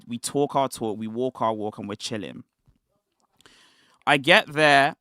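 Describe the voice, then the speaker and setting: A man's voice: medium pitch, sharp tone, clear, resonant tone, dry recording, clean studio sound. A young British man telling a rambling story in casual slang on his livestream. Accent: British English. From Britain. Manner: rambling, slangy, quick restarts. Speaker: streamer.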